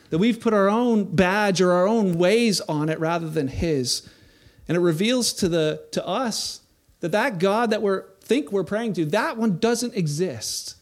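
High-pitched guy preaching a sermon, really animated, does little voices for quotes. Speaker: pastor.

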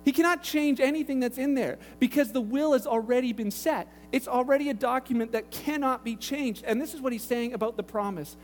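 A man's voice: extremely high pitch, fairly quick, few pauses. A man preaching a casual, conversational sermon as pastor, telling everyday stories with joking asides. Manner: informal storyteller with joking asides. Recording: long hall reverb, faint hum.

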